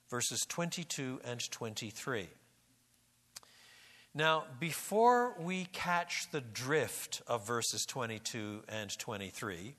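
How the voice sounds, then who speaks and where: A man's voice: a little high, bright, forceful tone. A man giving an expository Bible lecture, repeating and restarting words and rising to emphatic peaks. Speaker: Bible teacher.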